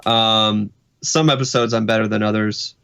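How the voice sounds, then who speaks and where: A man's voice: fairly low pitch, steady tone, normal speed, pushed and bright, smooth. A man co-hosting a podcast, talking casually with many fillers, and he swears bluntly when something angers him. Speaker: podcast co-host.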